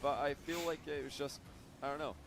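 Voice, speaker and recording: Fast-talking man casting esports. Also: medium pitch, fairly even intonation, over a noisy crowd. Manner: rapid, rambling, self-deprecating asides. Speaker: caster. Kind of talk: casual esports commentary.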